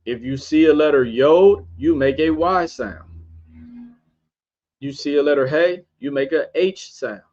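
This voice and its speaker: A man's voice: fairly high pitch, a little mellow. Man teaching, quizzing listeners, dull lo-fi audio. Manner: quizzes listeners with repeated rhetorical questions; spells out letters slowly, one by one. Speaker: podcast host teaching scripture. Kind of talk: informal religious teaching over a screen share.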